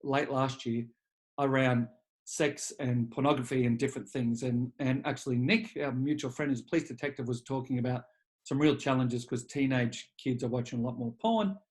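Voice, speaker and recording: A leadership coach in his 40s, appearing as an interview guest, tells candid personal stories at a moderate pace in a mid-range voice. He's blunt and profane, getting animated whenever he quotes himself in this conversational storytelling.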